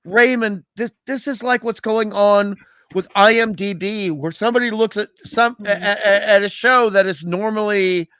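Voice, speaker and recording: Brief: male guest, wry and opinionated, a touch high, dry close sound. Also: moderate pace, a bit bright, clean tone, no room sound. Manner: opinionated, wry, many restarts. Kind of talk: casual podcast chat.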